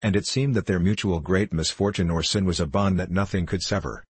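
A man reading a classic short story aloud in a measured, plain storytelling manner. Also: sits low, breathy edge, no echo. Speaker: audiobook narrator.

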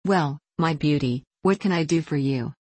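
A woman reading the part of a bold young gentleman who talks in a bland, coaxing way. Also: deep voice, moderate pace, husky, no room sound.

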